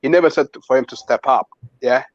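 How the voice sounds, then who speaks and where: Fast-talking defensive male panelist. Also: medium pitch, no echo, muffled recording. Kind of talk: heated live sports talk.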